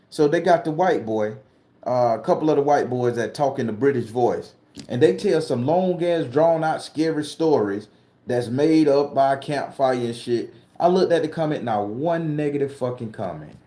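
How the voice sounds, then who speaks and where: A man's voice: mid-range voice, lively intonation, normal speed, mellow, reverberant. A man from southern Florida, a spooky-story vlogger and tarot reader, ranting bluntly and profanely to camera. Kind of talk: casual ranting monologue to camera.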